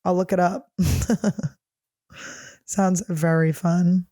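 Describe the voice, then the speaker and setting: A woman's voice: fairly low pitch, flat delivery, dark tone. Profane, laughing woman comedian chatting. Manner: blunt, profane, jokey, quick to laugh. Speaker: comedian podcast host answering fan questions. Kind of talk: casual solo chat, reading questions aloud.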